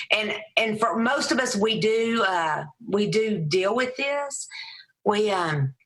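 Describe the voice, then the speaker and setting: A middle-aged woman with a heavy Southern accent, a Christian motivational speaker telling lively stories as a podcast guest. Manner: animated storyteller, raises her voice high for quoted people. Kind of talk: storytelling interview answer.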